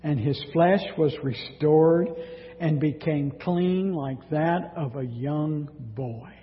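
A man preaching a sermon, reading scripture dramatically and speaking in an animated way. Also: on the high side, slow pace. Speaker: pastor. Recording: dull sound with long hall reverb.

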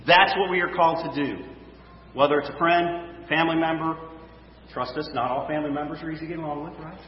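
A man's voice: on the high side, fairly even intonation, fast talker. A male pastor preaching a sermon, reading scripture and then talking loosely to his congregation. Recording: echoey hall, dull sound, faint noise.

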